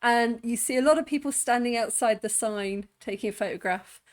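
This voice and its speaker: A woman's voice: a little high, normal speed. A woman casually reacting to a travel video, chatty and jokey, laughing often. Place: indoors at home.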